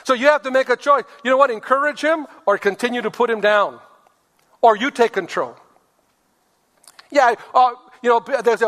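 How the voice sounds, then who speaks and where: A man's voice: extremely high pitch, moderate pace, pauses often, a bit bright, long reverb tail. A man preaching a sermon as pastor, acting out quotes and calling for amens from the congregation. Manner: preaching with acted-out quotes of husbands and wives.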